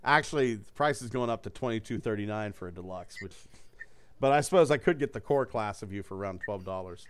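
A man's voice: on the low side, lively intonation, fairly quick. A man reading a choose-your-own-adventure book aloud to friends, with loose, joking and profane asides. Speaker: reader running a gamebook for friends.

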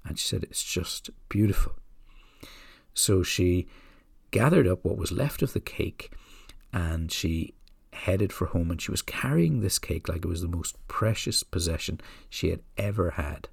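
A deep-voiced man with a gravelly, husky edge. He tells a story in a gentle, unhurried way and drifts into soft asides. The recording is close and dry, with no room sound. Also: animated, dry recording. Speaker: podcast host. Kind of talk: reflective storytelling talk.

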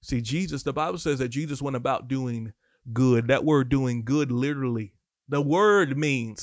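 A man teaching the Bible on a podcast in sermon style, reading scripture and breaking off into lively, casual asides. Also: mid-range voice, moderate pace, dry recording, studio quality.

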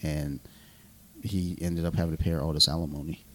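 A man with a notably low voice chats casually on a podcast, swearing freely and laughing through his stories. He talks loosely, circling back and restarting as he goes. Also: steady tone, brisk, a bit bright. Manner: loose, profane, laughing storyteller. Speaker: podcast co-host. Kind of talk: casual chat over beers.

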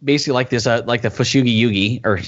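A man co-hosting a casual movie discussion, retelling scenes in a rambling, animated way with many restarts. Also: mid-range voice, rapid-fire. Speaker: podcast co-host. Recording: dull lo-fi sound.

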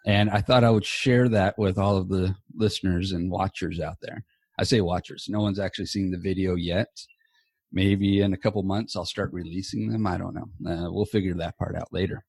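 A man's voice: deep voice, steady tone, normal speed, creaky, a little mellow, slightly rough, no echo. A man hosting a podcast from a small home office, chatting loosely and casually with a guest and swearing now and then. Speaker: podcast host. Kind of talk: casual chat. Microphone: earbuds.

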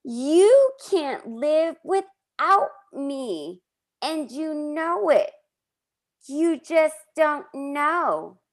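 Woman doing a clingy, dramatic young woman lover, high, slow, stretched-out lines. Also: sing-song, full character voice. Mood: possessive. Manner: high, slow, drawn-out declarations.

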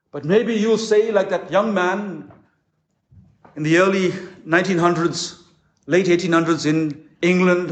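A man preaching a conference sermon as a pastor, impassioned, with dramatic pauses. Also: high voice. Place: conference hall. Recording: echoey hall.

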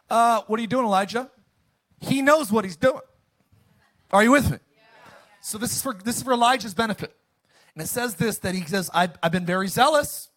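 A man preaching a sermon, animated, swinging from loud bursts to hushed lines and asking the congregation to answer back. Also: very high-pitched. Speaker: pastor.

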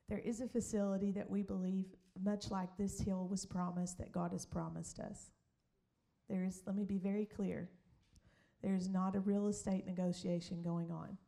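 A woman pastor tells a story from the pulpit. She is lively and quick to laugh, and her voice stays at a middle pitch. She slips into other people's voices as she goes. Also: vocal fry. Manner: animated, laughing, acts out voices in stories. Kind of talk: sermon storytelling.

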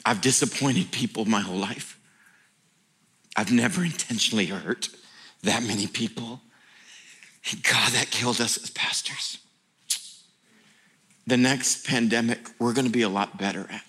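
Bright-voiced man preaching an emphatic sermon. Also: mid-range voice, moderate pace, pauses often, husky. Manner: emphatic and animated, with laughing asides. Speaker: pastor.

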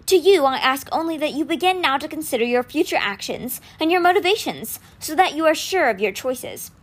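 A measured, earnest leader speaks to his citizens in a storybook reading, voiced by a woman. His speech rises and falls with lively pitch, set a touch high. It sounds like a reader lending her voice to a dignified man. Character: calm wise male leader addressing citizens. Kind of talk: storybook read-aloud.

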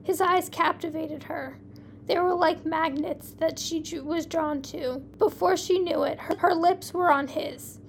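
A woman hosting a podcast, reading her fan fiction aloud in a plain, even storytelling way with small slips. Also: very high-pitched, unhurried, vocal fry, slight background noise.

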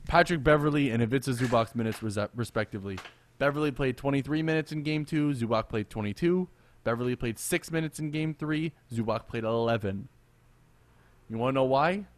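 A man co-hosting a casual sports podcast, animated and quick to laugh, often repeating himself. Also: mid-range voice, dry recording. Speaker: podcast co-host.

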